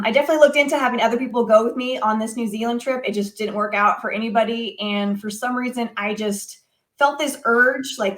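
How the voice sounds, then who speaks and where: A young woman chats as an interview guest, her voice sitting a little high and her stories spilling out with plenty of ums and you-knows. The room around her rings with a noticeable echo. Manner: animated, many fillers like "um" and "you know". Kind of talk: casual interview storytelling. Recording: echoey room.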